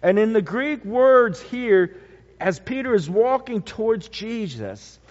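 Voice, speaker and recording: Man preaching, high voice, unhurried delivery, dramatic swings from loud to hushed, dull lo-fi recording with long hall reverb. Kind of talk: sermon.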